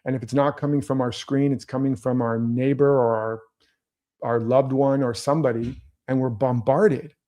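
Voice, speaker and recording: A man's voice: medium pitch, fairly even intonation, moderate pace, warm tone. A man hosting his own show, giving earnest motivational commentary and coaching his viewers directly. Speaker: host.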